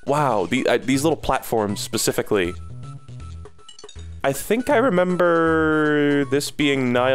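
A young adult man giving casual, sarcastic commentary while streaming a video game. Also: lowish voice. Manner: playful, sarcastic, quick asides. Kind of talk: casual let's-play commentary.

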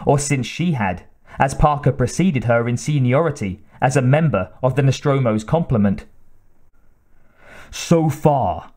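An audiobook is narrated by a man in a calm, measured reading voice of middle range, following a script.

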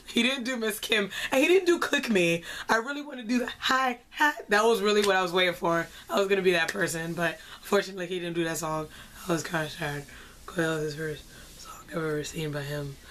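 Gushing young woman reviewing a concert. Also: medium pitch. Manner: animated, gushing, slangy, laughs often. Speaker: vlogger. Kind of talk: casual concert review chat.

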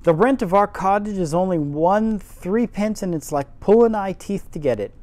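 A tipsy reader voicing a cheerful young housemaid, talking in broad dialect in a high, loud, homely way. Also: lively intonation, moderate pace, no room sound, lightly acted. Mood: chatty.

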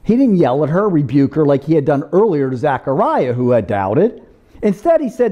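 A male pastor delivers a chatty, interactive sermon, his voice rising and falling with a lively swing. The tone is mellow and warm rather than bright. He breaks in with casual asides and asks his congregation to call out answers. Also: fairly high pitch, normal speed, highs cut off. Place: church service.

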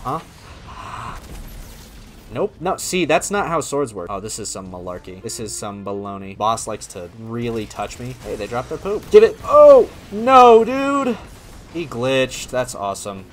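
A man giving live commentary on his own gameplay, excitable and sarcastic, often swearing, muttering and cursing at his bad luck. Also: mid-range voice, a little slow, faint music behind. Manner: self-deprecating, sarcastic. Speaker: gaming content creator.

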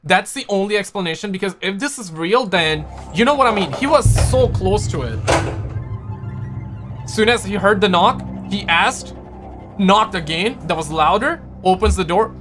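Excitable young man reacting out loud. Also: high-pitched, moderate pace, soft background music. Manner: excitable, exclaims often, slangy. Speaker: reaction video host. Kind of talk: live reaction commentary.

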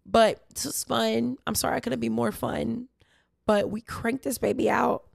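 A young woman hosts a casual faith Q&A podcast, her voice hoarse, raspy and gravelly after losing it. She rambles through tangents in a tired, low-energy way. The sound is dry, with no room to it. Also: fairly even intonation, moderate pace, dry recording. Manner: chatty, rambling with tangents and restarts. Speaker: podcast host.

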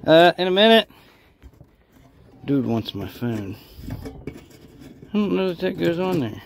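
A folksy, joking man talks to his viewers while working outdoors, a little out of breath. His voice sits fairly high and swings up and down a lot. The phone recording has clear background noise. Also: big pitch swings, slow. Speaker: scrap-hunting vlogger. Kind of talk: casual vlog chat. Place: outdoors, backyard and curbside. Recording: noisy outdoor phone audio.

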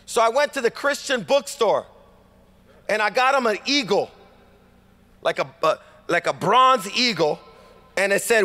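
Californian male pastor, high voice, lively storytelling sermon, reverberant church hall. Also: a little slow, long pauses. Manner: animated, acts out dialogue, rhetorical calls to congregation. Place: church sanctuary.

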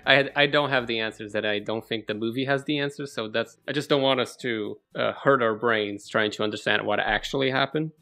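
A man's voice: medium pitch, brisk, hardly any pauses, pushed and bright. A young man hosting a casual movie discussion, joking in a dry, mock-serious way. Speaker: host.

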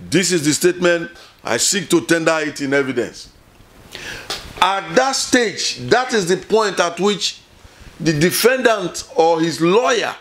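A middle-aged man, a lawyer explaining court procedure in an informal lesson, emphatic and repetitive, often correcting himself. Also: a little high.

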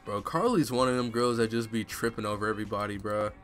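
A man's voice: lowish voice, quick pace, a bit bright, soft background music. A man commentating a live game stream, joking and self-mocking in casual street slang. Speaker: gaming streamer.

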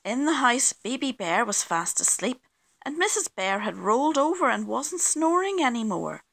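A woman reading a children's picture book aloud, slow and expressive, acting out the sound effects. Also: fairly high pitch, creaky. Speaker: children's story reader.

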